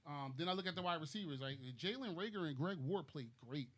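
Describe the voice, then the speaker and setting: A man's voice: on the high side, expressive, quick pace. A man in casual sports chat, thinking aloud hesitantly and tagging his points with "right?". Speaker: podcast co-host.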